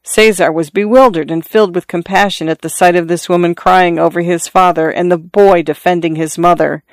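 A narrator reading a classic story aloud in a measured, even way. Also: medium pitch, no room sound. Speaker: audiobook narrator. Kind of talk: literary audiobook narration.

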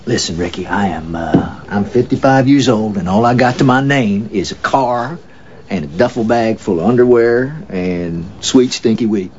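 A man's voice: fairly low pitch, moderate pace, darkish tone, close to an everyday voice. An actor in his fifties playing a scruffy, washed-up estranged father who talks in a brash, rambling way, heard in a film clip. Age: 50s. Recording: dull lo-fi film clip with noise.

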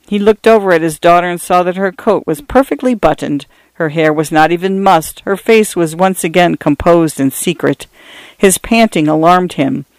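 A man narrating an audiobook in a measured, steady storytelling manner. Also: a little high, no room sound.

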